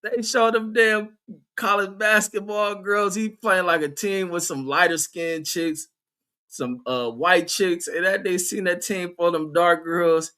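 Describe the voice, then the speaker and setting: A man's voice: high voice, steady tone, measured pace, bright, forceful tone, smooth. A middle-aged man hosting a casual stream, reading viewer comments aloud and riffing on them with profanity and laughter. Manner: profane, laughing, reads chat aloud and riffs. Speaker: livestream host reading chat. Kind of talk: casual uncensored chat.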